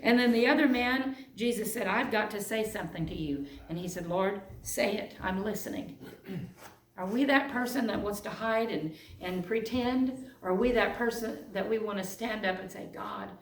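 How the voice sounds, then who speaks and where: A woman's voice: medium pitch, normal speed, far from the mic, a little hiss or hum. A woman preaching a sermon in a church and reading scripture aloud in an earnest way. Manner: earnest, reads scripture aloud in old-fashioned phrasing. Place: church sanctuary. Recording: echoey church room, voice off-mic at times.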